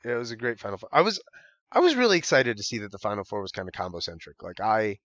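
A man co-hosting a casual podcast, telling stories in a lively way with lots of fillers and laughter. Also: fairly low pitch, fast talker, dry recording, muffled recording. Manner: animated storyteller, many fillers and laughs. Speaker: podcast co-host.

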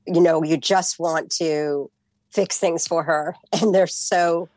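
A woman professor from California answers interview questions in a thoughtful, halting way. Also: fairly low pitch, fairly even intonation, dry recording. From California, USA. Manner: thoughtful, warm, halting with fillers. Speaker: professor, guest expert.

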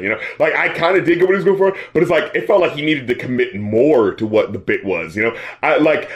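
A man's voice: mid-range voice, animated, fast, few pauses. A man co-hosting a casual podcast chat, loose and profane, laughing often and acting out reactions. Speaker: podcast co-host reviewing albums.

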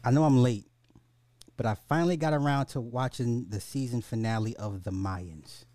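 A man hosting a podcast in casual chat, animated and slangy, with lots of restarts and swearing. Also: medium pitch, normal speed, no echo. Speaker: podcast host.

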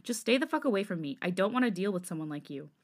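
A woman's voice: medium pitch, lively intonation, fast talker, lightly acted. A woman doing a snarling, hot-tempered young man. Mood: contemptuous. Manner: snarling, harsh, profane.

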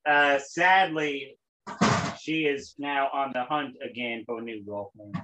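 A man's voice: medium pitch, steady tone, slow pace, pushed and bright. A young man hosting a casual podcast, profane, rambling and exasperated. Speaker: podcast host.

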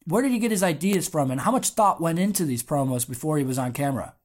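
Eager interview host, mid pitch. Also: expressive, fast. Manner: eager, question-led, reads fan questions aloud. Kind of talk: interview questions.

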